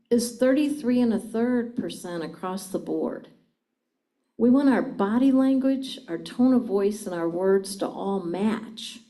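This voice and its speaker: Middle-aged woman teaching a seminar crowd, warm mellow voice, keeps asking the room stuff. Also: fairly high pitch, rough recording. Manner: engaging, asks the audience questions. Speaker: communication trainer. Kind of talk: live seminar talk to an audience.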